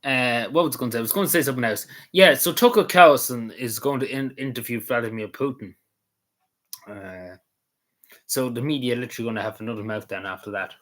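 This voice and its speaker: A man's voice: medium pitch, fairly quick, fairly bright tone. A man with an Irish accent giving casual, meandering commentary as a vlogger, swearing freely and padding his talk with fillers.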